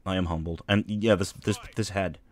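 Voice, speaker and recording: A man's voice: sits low, steady tone, normal speed. A man streaming a video game, giving casual commentary with rambling, joking asides.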